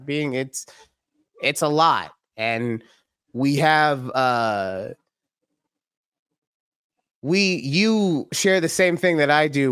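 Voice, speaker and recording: A woman's voice: very deep voice, clear, resonant tone, dry recording, studio quality. A young adult woman hosting a podcast, frank and teasing, swearing freely as she talks. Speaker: podcast host. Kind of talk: casual podcast chat.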